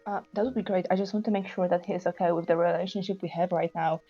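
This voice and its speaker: A woman's voice: fairly low pitch, fairly even intonation, fast, warm tone, muffled recording, faint music behind. A woman player role-playing her character, hesitant and rambling. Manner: hesitant, rambling, many restarts.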